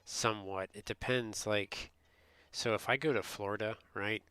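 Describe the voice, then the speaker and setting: A man's voice: fairly low pitch, steady tone, moderate pace, sharp tone, smooth, dry recording. A man from the United States, a streamer rambling in casual chat and answering his viewers. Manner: rambling, chatty storytelling, reads and answers chat.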